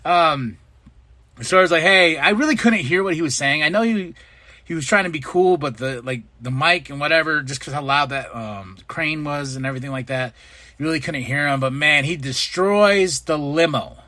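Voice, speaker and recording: Guy on his podcast going over wrestling, loud bright voice, laughs a lot, dry close mic. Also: on the high side, moderate pace, no room sound. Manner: animated, laughs often, acts out quotes. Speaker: podcast host. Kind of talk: casual wrestling recap.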